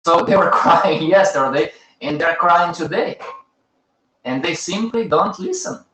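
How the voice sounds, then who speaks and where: A man's voice: fairly high pitch, lively intonation, unhurried, sharp tone, roomy sound, a little hiss or hum, poor audio. A man with as a hosting a live teaching session, talking to his audience in short, emphatic, repeated phrases and chiding them. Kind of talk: casual live-stream teaching.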